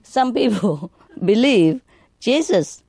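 Slow, playful woman telling jokes. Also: fairly high pitch, lively intonation, vocal fry, darkish tone, breathy edge, no room sound, studio quality. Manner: playful, laughs between lines, teases listeners with questions. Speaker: spiritual teacher. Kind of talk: telling jokes to a live audience.

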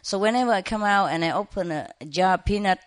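A woman's voice: mid-range voice, fast, no echo, clean studio sound. A woman chatting casually about her pet birds and dog, laughing often and acting out her pets. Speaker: bird owner. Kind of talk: casual storytelling.

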